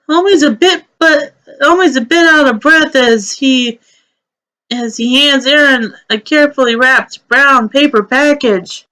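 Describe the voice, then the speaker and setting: A woman reads a fantasy game's story aloud in a storybook narrating manner. Her voice sits high and bright. She takes her time with each line. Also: measured pace, poor audio. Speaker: let's play narrator. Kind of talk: reading game story aloud.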